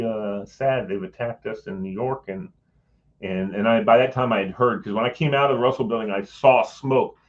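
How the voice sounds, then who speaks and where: This muffled clip features a mid-range male voice belonging to a middle-aged guest. Chatting casually about something that happened to him, he brings quoted voices to life and chuckles as he speaks, keeping things animated.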